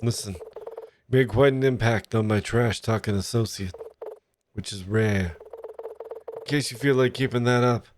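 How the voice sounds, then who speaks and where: A man's voice: mid-range voice, measured pace, long pauses, noisy background, close to an everyday voice. A man voicing a smug, offhand mobster-style dealer who lives at the dump in a video game. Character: shady, laid-back dealer from the dump.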